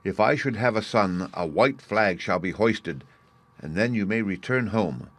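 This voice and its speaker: A man voicing a sorrowful, loving queen speaking gently to her children in a fairy tale reading. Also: lowish voice, animated, a little slow, no room sound.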